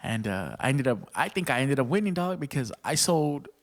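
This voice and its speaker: A man's voice: medium pitch, very animated, moderate pace. A man from Texas, a stand-up comedian, telling stories casually on a podcast in profane slang and laughing often.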